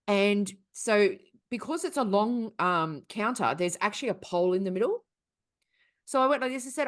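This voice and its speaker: A woman's voice: high-pitched, normal speed. Aussie woman co-hosting a podcast, telling stories, swears a lot, voice bouncing all over. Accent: Australian. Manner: animated storyteller, swears freely, laughs often. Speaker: podcast co-host. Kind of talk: casual chat, storytelling.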